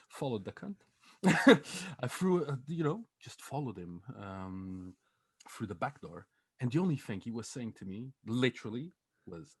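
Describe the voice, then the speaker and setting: A man's voice: mid-range voice, big pitch swings, normal speed, husky, no room sound. A young man co-hosting a podcast, telling a story in a casual, comedic way, swearing a lot, laughing often and acting out the lines of the people in it. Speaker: podcast co-host.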